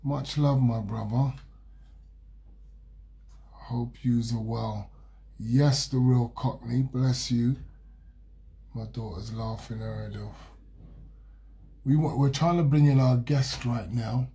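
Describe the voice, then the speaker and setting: Gravelly-voiced man hosting a live stream. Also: mid-range voice, fairly even intonation, slow pace, pauses often. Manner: chatty, laughs easily, warm greetings to viewers. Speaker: host. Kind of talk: casual live-stream chat. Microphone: phone or computer on a live video.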